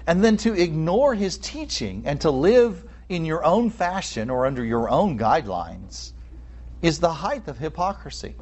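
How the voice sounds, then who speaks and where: Lively, expressive male preacher. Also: on the high side. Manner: expressive preaching, acts out quoted speakers; explanatory, with asides and fillers. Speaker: pastor. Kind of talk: sermon.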